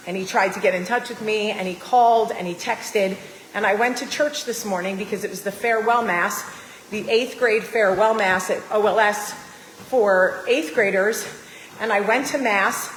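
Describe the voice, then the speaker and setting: A woman's voice: medium pitch, slight background noise. A woman in her forties from New Jersey, telling a personal story straight to her viewers in a confiding, emphatic way. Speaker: vlogger. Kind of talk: casual storytelling to camera. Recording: roomy echo with long reverb.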